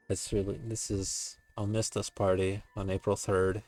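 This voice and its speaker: A man's voice: lowish voice, flat delivery, moderate pace, hardly any pauses, darkish tone, faint music behind. A man streaming a game, giving casual, joking commentary and swearing loosely as he reads through the game's text.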